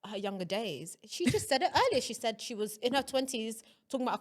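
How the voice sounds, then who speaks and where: A woman's voice: a little high, sing-song, fairly quick. A young woman co-hosting a podcast, teasing and emphatic in casual chat with a friend. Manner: teasing, emphatic, laughs often. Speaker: podcast co-host.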